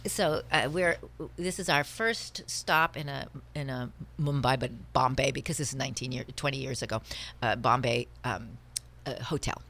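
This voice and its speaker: A woman's voice: very deep voice, moderate pace, vocal fry, fairly bright tone. An actress in a casual studio interview, chatty and restarting her sentences. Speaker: stage actress.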